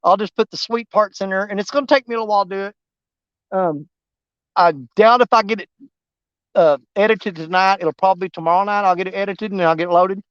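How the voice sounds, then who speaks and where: A high-pitched man rambles folksily to his viewers while he fishes outdoors. His voice is smooth and clear, and he sounds winded. The sound is dry and a bit dull. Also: steady tone, quick pace, a bit bright, no echo. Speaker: fishing vlogger. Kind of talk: live-stream fishing chat. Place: outdoors at a riverbank.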